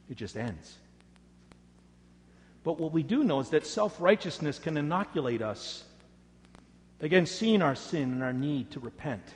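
A man preaching a sermon, swinging dramatically between loud emphasis and hushed words. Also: a little high. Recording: echoey hall reverb.

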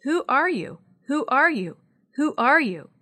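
A woman's voice: high voice, big pitch swings, a little slow, pushed and bright, pitched above the performer's own voice, full character voice. A woman voicing an earnest young boy who speaks urgently to his father and friends.

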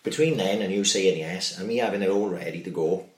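Casting: very low-voiced man, chatty podcast co-host, cursing freely, echoey room. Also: a little fast. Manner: sweary, storytelling, keeps asking "do you know what I mean". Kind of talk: casual chat. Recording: roomy echo.

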